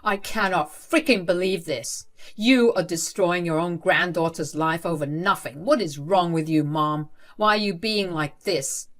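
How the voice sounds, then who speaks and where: Angry adult son, confronting , read by a woman narrator; low-leaning voice. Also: moderate pace, close to an everyday voice. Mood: outraged. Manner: outraged, confronting.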